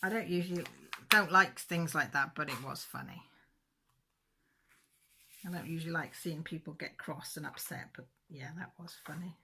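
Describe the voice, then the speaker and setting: A woman's voice: sits low, normal speed, long pauses, pushed and bright, slight background noise. A woman, chatting casually to her channel viewers and telling a funny story with mild cussing. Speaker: craft channel host. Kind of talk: casual chat.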